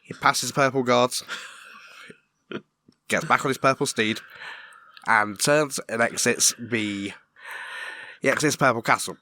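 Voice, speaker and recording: A man's voice: medium pitch, unhurried, pauses often, sharp tone, no echo. A middle-aged man, a podcast co-host, telling a long comic shaggy-dog story to his friends and laughing through it. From Britain. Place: garage.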